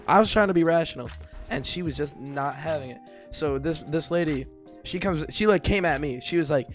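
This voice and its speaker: A man's voice: a little high, fairly quick, soft background music. A young man co-hosting a podcast, telling a story in a rambling, casual way with lots of filler words and laughter. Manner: rambling, full of likes and laughs. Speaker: podcast co-host.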